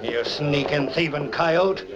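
A man playing a gruff, defiant frontier sheriff with a drawl, acted in old radio drama style. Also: on the high side, slow pace, background noise. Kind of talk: 1940s radio drama acting. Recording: dull old radio recording.

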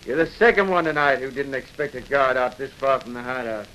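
A man's voice: medium pitch, fairly quick, bright, forceful tone, lightly acted, poor audio. Man as menacing outlaw guard, sneering, hissy vintage recording. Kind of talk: 1940s radio acting.

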